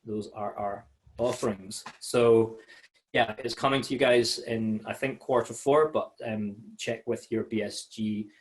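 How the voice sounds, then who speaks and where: A man's voice: fairly low pitch, fairly even intonation, unhurried. A man giving a casual webinar presentation over a video call, friendly and chatty with many fillers and restarts. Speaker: malt sales manager giving a webinar.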